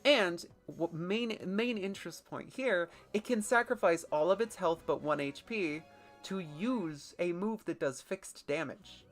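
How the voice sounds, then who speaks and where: A woman with a notably low speaking voice rambles through live gameplay commentary, loose and self-deprecating, with casual swearing. Soft music sits faintly underneath her. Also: a little slow. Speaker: let's play streamer.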